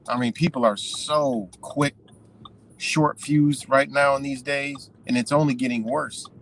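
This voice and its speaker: A man's voice: medium pitch, steady tone, unhurried, a bit bright, a little hiss or hum, low-quality recording. A man giving a profane, rambling unscripted monologue, full of "you know" and "man".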